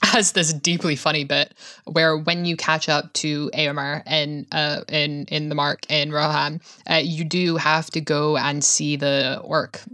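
Chatty woman podcaster, bright sharp voice, dry close mic, laughs a lot. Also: deep voice, no room sound. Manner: laughs often, swears, animated and rambling. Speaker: podcast co-host. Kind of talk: casual chat.

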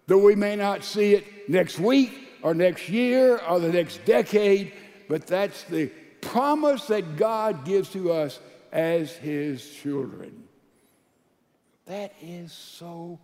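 A male pastor with a high voice who preaches slowly and deliberately. He swings between loud emphatic lines and soft, low asides. His sermon rings with the long reverb of a large church hall.

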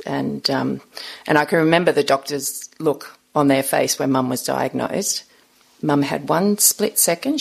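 A middle-aged woman, a guest on an interview podcast, tells her story earnestly, reflectively and without hurry. Her low voice carries a creaky, gravelly edge.

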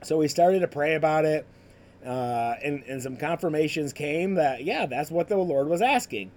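Male podcast host, slightly higher voice, casual testimony storytelling. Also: lively intonation, normal speed, darkish tone. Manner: conversational, full of "like" and "you know" fillers. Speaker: podcast host sharing his ministry story.

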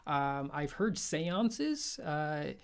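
A man's voice: a little high, big pitch swings, extremely slow, clear, resonant tone. Man, call-in co-host, rambling, stammering, casual comedic talk. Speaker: radio show co-host.

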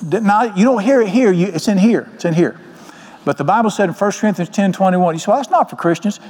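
A man's voice: sits high, quick pace, darkish tone. An older man preaching a sermon as pastor, folksy and joking. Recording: long hall reverb.

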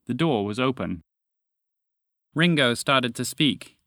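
Male storyteller, lively expressive read, middle voice, dry booth sound. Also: mid-range voice, slow pace, dry recording. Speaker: narrator. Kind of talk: storybook narration.

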